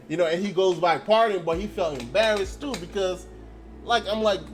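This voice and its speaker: A man's voice: high-pitched, fairly quick, faint music behind. A young man telling a story in a blunt, profane casual rant, acting out quoted dialogue. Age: young adult. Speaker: channel host. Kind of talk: casual ranting monologue.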